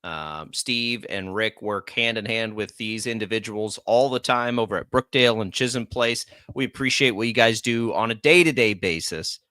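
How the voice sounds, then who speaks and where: A bright, forceful man hosts a sports radio show with an American accent. He chats energetically and reads promos in a breezy way. The mic sound is dry and close. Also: fairly low pitch, normal speed, few pauses, smooth, dry recording. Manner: chatty, energetic, reads ad copy. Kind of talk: casual sports talk radio.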